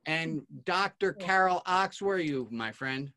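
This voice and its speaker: A man's voice: high-pitched, animated, measured pace, pushed and bright. A man hosting an online class, calling on each guest by name in a friendly, casual way over a video call. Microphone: computer mic on a video call.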